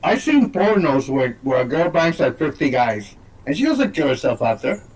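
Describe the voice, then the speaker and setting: Male co-host, high lively voice, provocative crude banter, distant mic. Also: moderate pace, husky. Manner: brash, provocative, crude joker. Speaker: podcast co-host. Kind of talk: casual banter.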